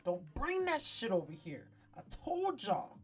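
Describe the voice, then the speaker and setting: Stern scolding queen, as a woman puts her on; slow, firm delivery. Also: on the high side, huge pitch swings, slightly rough, faint music behind, full character voice.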